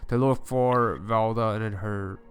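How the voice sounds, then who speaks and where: A man playing a casual tabletop game, explaining his plans haltingly with fillers. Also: lowish voice, steady tone, smooth, faint music behind. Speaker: player.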